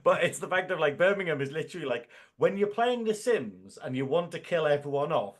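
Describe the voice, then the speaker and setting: A man's voice: on the high side, brisk. A man co-hosting a casual episode review, joking and laughing often. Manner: jokey, animated, laughs often. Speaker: podcast co-host.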